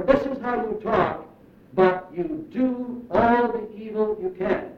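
A man preaching a sermon in an earnest, emphatic manner, slowing down to stress key phrases. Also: high-pitched. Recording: roomy, distant, muffled recording.

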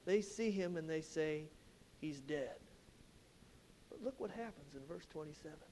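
A man's voice: fairly high pitch, a little fast, dark tone, slight background noise. A man preaching an expository sermon, retelling a Bible passage with emphatic storytelling and rhetorical questions.

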